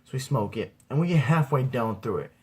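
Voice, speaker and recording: Husky young guy telling a rambling comic story. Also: mid-range voice, animated, fairly quick, darkish tone. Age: young adult. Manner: rambling, says "dude" a lot. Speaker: amateur comedian. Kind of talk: stand-up storytelling.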